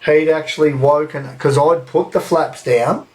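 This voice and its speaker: Brief: Australian bloke, podcast host, fairly high voice, laughs and swears through his yarns. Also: steady tone, a little slow, a little mellow. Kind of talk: casual storytelling chat. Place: indoor room, recorded live.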